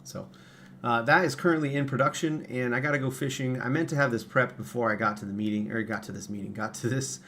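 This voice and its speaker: Talking fast in a medium-pitched, fairly bright voice, this parts maker hosts his own livestream from his computer. His casual chatter wanders, with plenty of fillers and restarts.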